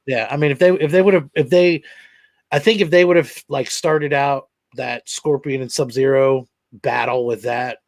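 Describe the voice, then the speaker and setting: A man's voice: mid-range voice, fairly even intonation, a little slow, vocal fry, no echo. A man chatting as a guest on a live stream, playful, often restarting his sentences. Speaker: guest co-host. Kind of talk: casual live-stream chat.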